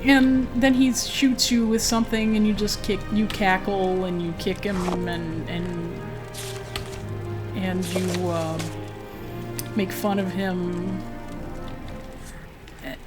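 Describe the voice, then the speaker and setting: Over game music, a female gaming streamer chats casually through a let's-play, talking to herself and her viewers and shrieking jumpily at enemies. Her medium-pitched voice is flat and slow, with frequent pauses.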